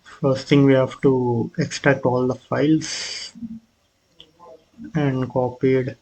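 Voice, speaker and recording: Hesitant man with a flat delivery. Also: medium pitch, low-quality recording. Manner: hesitant, halting, with frequent fillers and restarts. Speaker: presenter of his own app prototype. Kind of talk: casual screen walkthrough.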